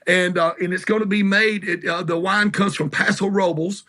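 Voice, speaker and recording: Bright-voiced Southern man telling stories. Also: sits high, fairly even intonation, moderate pace. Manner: rambling, salty anecdotes. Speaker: guest musician. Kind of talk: casual interview storytelling. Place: garage.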